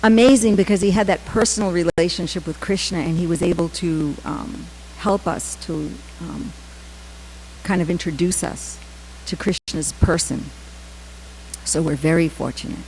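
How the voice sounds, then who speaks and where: A middle-aged woman giving a temple class, telling personal stories with many "um" pauses and acted-out quotes. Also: fairly low pitch, a little mellow, slight background noise, low-quality recording. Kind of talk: scripture class with personal storytelling.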